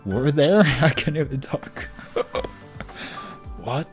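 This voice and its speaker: A man reacting to a visual novel playthrough, excitable, jumping from low mumbling to sudden yells. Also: takes it slowly, faint music behind. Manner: excitable, jumps from mumbling to yelling. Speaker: gaming channel host.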